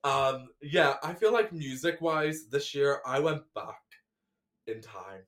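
A man's voice: mid-range voice, expressive, slow pace, a bit bright. A man co-hosting a podcast in casual chat, talkative, swearing and laughing often. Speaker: podcast co-host.

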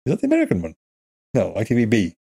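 A man's voice: fairly low pitch, huge pitch swings, gravelly, mellow, husky. Laughing man reading aloud on a podcast. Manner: laughs often, reads aloud haltingly. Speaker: podcast co-host. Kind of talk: casual chat.

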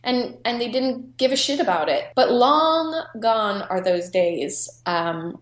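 A woman photographer telling her story in a candid, chatty way, filling pauses with "you know". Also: on the low side, roomy sound. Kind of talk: casual personal storytelling.

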